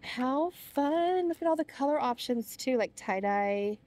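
A woman's voice: on the high side, expressive, normal speed, a little mellow. A young woman filming a store walk-through for her vlog, gushing and gasping with delight at what she finds. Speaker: vlogger. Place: inside a large retail store.

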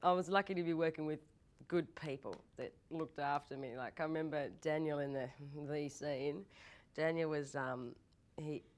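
A young woman in an interview, telling anecdotes in a lively way, laughing often and restarting her sentences. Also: deep voice. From Australia. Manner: animated storytelling, laughs often, quick repeated restarts. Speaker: actress interviewee.

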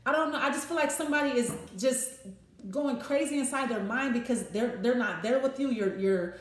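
A woman's voice: sits high, a little fast, reverberant. A woman giving a casual tarot reading, talking freely, swearing and restarting her phrases. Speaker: tarot reader.

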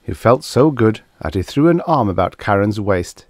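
A man reading a vintage science fiction story aloud as narrator, with animated delivery. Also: fairly low pitch, moderate pace, no echo, clean studio sound. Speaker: audiobook narrator. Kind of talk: scripted narration.

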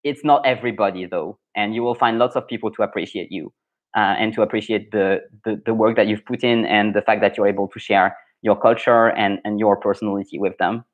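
A man's voice: on the low side, fairly even intonation, brisk, muffled recording. A man with a French accent, a pronunciation coach hosting a casual live stream, answering viewer comments in a frank, opinionated way. English is not his first language. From France.

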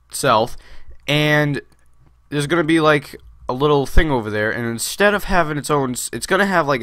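A man's voice: mid-range voice, pushed and bright, no echo. Rambling man with a dry sound. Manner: rambling, lots of fillers and restarts. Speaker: Minecraft video host. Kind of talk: casual gameplay commentary.

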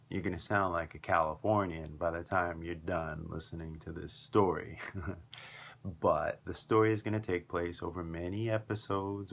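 Male podcast teacher with a low, gravelly voice and an upbeat, emphatic scripted delivery. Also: a bit bright, slight background noise. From foreigner living in Japan. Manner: upbeat, emphatic, repetitive build-ups. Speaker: English teacher and podcast host.

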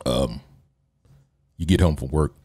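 A man's voice: a bass voice, a little slow, mellow, no echo. A man hosting a solo podcast, talking casually in a joking, rambling way and laughing often. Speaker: podcast host.

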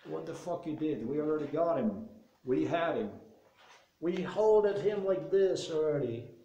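A man voicing alarmed, indignant Russian adults who rant in high, outraged repetition. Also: lively intonation, measured pace, dark tone, highs cut off. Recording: roomy with faint noise.

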